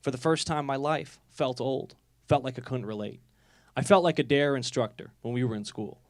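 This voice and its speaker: A man in his twenties doing a live stand-up set of energetic, self-deprecating observational jokes. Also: mid-range voice, a little fast, no room sound, studio quality. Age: 20s. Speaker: stand-up comic. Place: live comedy telethon venue.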